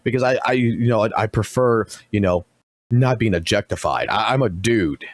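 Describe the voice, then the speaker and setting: A man streaming live commentary, blunt and profane, talking fast and animated. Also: lowish voice, no room sound.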